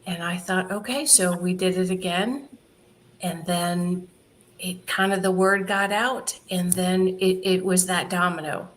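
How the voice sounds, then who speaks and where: Lowish-voiced woman telling a lively story. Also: a little slow, slight background noise. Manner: animated, laughing storyteller who quotes others. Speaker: charity founder guest. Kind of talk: storytelling interview.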